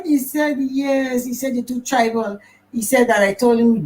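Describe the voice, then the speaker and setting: An older woman with a strong Guyanese accent chats on a livestream, leaning into stories and acting out the voices of others. Her voice sits a touch high. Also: moderate pace, darkish tone, rough recording. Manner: storytelling, acts out quoted voices. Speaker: guest, host's mother. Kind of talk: casual livestream chat.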